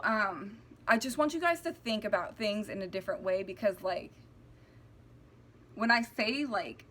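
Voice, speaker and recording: A young woman speaking heartfelt and rambling to her viewers, close to tears, with many restarts and fillers. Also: a little high. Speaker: spiritual vlogger. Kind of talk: casual heartfelt monologue to camera.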